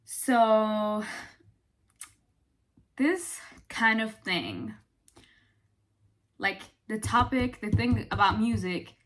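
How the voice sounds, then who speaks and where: A young woman from Italy talking casually to her viewers as a vlogger, expressive and chatty with lots of fillers. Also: medium pitch, drawn-out words, long pauses. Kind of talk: casual chat to camera.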